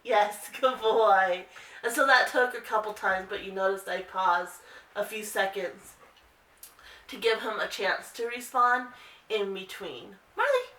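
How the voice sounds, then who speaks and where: A woman dog trainer explaining training steps calmly in a casual instructional video. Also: a little slow, distant mic. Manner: calm explaining, breaks into high sing-song calls to the dog. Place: indoor room. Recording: roomy echo, voice a bit off-mic.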